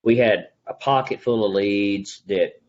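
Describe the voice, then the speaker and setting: A man's voice: on the low side, unhurried, darkish tone, muffled recording, slight background noise. A middle-aged man with an East Texas accent, a real estate agent telling his story in a casual interview. He talks in a folksy, earnest way and acts out the conversations he remembers.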